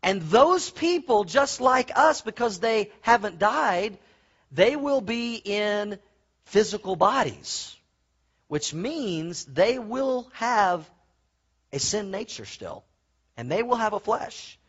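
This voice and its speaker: A man preaching a sermon, animated and folksy, telling stories with asides to the congregation. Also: sits high, slow, breathy edge, lo-fi sound. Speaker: pastor.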